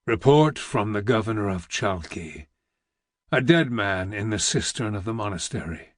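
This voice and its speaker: A man reading an audiobook, voicing a weary, heavy old vizier who speaks slowly in a deep, rumbling, almost whispered growl. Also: expressive, no echo, clean studio sound, natural voice. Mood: grave. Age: older. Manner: slow, grave and weighty.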